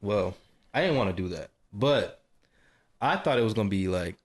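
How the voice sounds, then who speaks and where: A man's voice: fairly low pitch, expressive, moderate pace. A man co-hosting a podcast, chatting casually and laughing about fantasy football. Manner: laid-back, chatty, laughs often. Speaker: podcast co-host.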